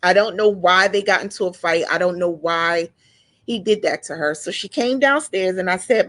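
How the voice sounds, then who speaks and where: A woman in her forties telling a painful personal story, halting and emotional, with frequent restarts and repeated words. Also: on the low side, fairly bright tone. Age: 40s. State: emotional, close to tears. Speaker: guest sharing her story.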